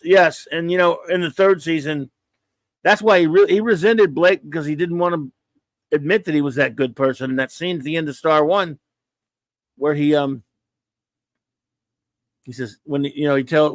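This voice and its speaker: Man, casual chat, rambling and eager, slightly high voice, dry close sound. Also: no echo. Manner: rambling and enthusiastic, acts out quoted dialogue.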